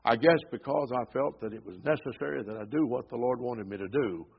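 A man's voice: mid-range voice, a little fast, vocal fry, breathy edge. A man preaching a sermon at a church service, earnestly exhorting the congregation and reading scripture aloud. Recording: dull lo-fi sermon recording.

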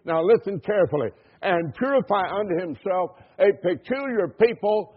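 A man's voice: sits high, expressive, moderate pace, few pauses, husky. A man preaching a sermon, firing repeated questions at the congregation and reading scripture in an old-fashioned cadence. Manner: impassioned, repeating rhetorical questions. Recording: tinny phone-like sound.

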